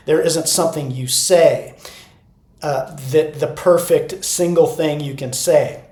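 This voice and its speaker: Slow, calm man coaching teachers. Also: fairly high pitch. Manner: calm, unhurried explaining, repeating key words. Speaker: classroom management coach. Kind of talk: instructional talk to teachers. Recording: echoey room.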